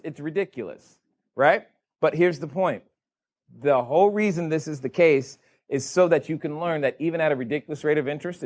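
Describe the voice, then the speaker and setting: A man running a board game for a live seminar audience, teasing them with playful questions. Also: a little high. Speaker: real estate educator running a board game. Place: event room in front of a live audience.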